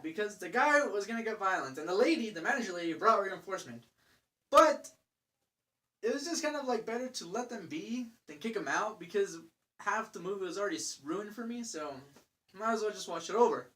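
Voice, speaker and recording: A young adult vlogger rants about a bad night out in a loose, casual storytelling voice. The delivery is exasperated and profane, full of fillers and restarts, with pitch sitting in the middle of the range. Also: expressive, normal speed, bright, forceful tone.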